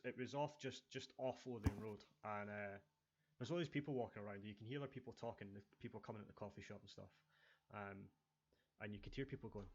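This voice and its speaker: A Scottish podcast co-host tells stories in a relaxed, casual chat, filling his speech with lots of ums and uhs. His voice is fairly low, and the dull lo-fi recording has slight background noise.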